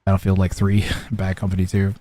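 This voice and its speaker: A man's voice: sits low, monotone, fairly quick, warm tone, soft background music. A young man streaming a strategy game, chatting casually with viewers and commentating, rambling with lots of fillers and restarts.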